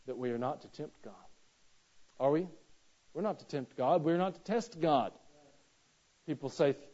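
A man's voice: on the high side, darkish tone, lo-fi sound. Folksy storytelling male preacher. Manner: folksy storytelling with rhetorical questions. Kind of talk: sermon.

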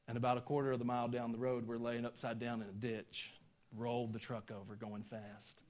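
Folksy Southern pastor from Georgia. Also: male voice, mid-range voice, flat delivery, brisk, darkish tone. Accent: Southern US (Georgia, some Tennessee). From Georgia, USA. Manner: folksy, self-deprecating, chuckling asides. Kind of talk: sermon with personal stories.

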